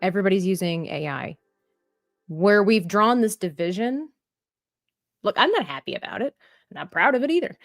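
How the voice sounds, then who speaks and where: A woman's voice: medium pitch, expressive, normal speed, gravelly, long pauses, no room sound, studio quality. A woman hosting a live drawing stream, talking earnestly in a rambling, casual way with frequent restarts while reading chat comments aloud. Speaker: livestream artist host. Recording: faint background music.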